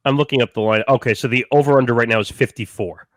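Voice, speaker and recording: A man's voice: medium pitch, fairly even intonation, quick pace, dry recording, clean studio sound. A man on a sports podcast panel, talking casually with hesitant restarts.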